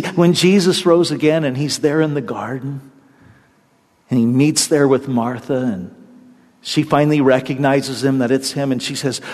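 In a large hall, a preacher with a voice on the high side tells a lively story as part of his sermon. He brings the quotes to life by switching between voices.

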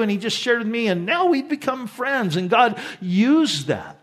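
Male pastor, 60s, higher-pitched, animated storytelling sermon with hushed emphases. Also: moderate pace, few pauses.

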